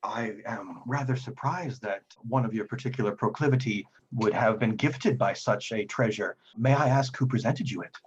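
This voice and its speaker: A man's voice: fairly low pitch, normal speed, few pauses, close to an everyday voice. A man voicing a devout, humble priest who speaks formally and secretively, on a dull lo-fi recording. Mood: reverent.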